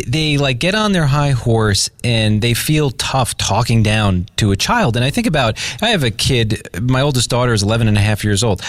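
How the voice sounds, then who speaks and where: A man's voice: medium pitch, no room sound. Upbeat male radio host. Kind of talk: radio interview.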